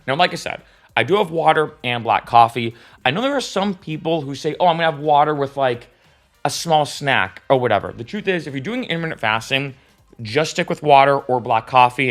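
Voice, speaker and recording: A man vlogging straight to camera in a chatty, upbeat way, leaning hard on the points he wants to land. His voice sits at an ordinary middle pitch, and faint music plays quietly underneath. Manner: chatty, emphatic, repeats points for stress. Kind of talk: casual talk to camera.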